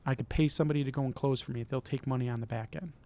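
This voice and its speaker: A man's voice: medium pitch, steady tone, racing, warm tone. A middle-aged man from Michigan hosting his own vlog, giving an earnest, encouraging motivational talk and often repeating himself. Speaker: vlog host.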